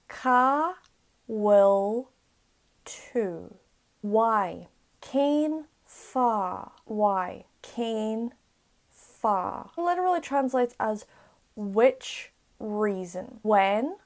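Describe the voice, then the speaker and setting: A young woman, teaching everyday words in a casual vlog-style lesson, repeating each one slowly and carefully. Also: mid-range voice, lively intonation. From Ireland. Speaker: language tutor.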